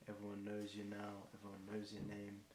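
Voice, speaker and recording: A man's voice: lowish voice, completely flat delivery, brisk, a little mellow. A British man improvising a long stream of rhymes, rambling off the cuff with frequent ums. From Britain. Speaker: freestyle rapper. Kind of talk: long improvised freestyle rhyming. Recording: echoey room with faint hiss.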